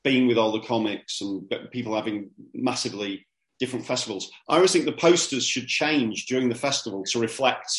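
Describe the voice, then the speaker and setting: Comedian guy in his middle years, animated, keeps restarting, echoey room. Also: mid-range voice. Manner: animated, repeats words when starting sentences. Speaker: comedian guest. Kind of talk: casual interview chat.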